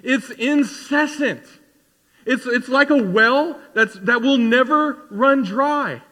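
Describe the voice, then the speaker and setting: A man in his forties preaching a sermon in a conversational, animated way, acting out little asides. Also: very high-pitched, slow, big-room sound. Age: 40s. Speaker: pastor. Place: church sanctuary.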